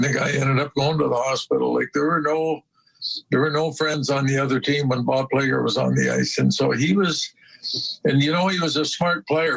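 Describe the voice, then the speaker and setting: Brief: gravelly male interviewee, halting recollection. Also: mid-range voice, a bit bright, rough recording. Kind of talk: interview reminiscing.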